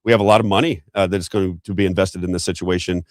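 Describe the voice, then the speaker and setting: A man hosting a show of political commentary, talking excitedly and rambling with restarts. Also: sits low, quick pace, no echo, clean studio sound. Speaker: show host.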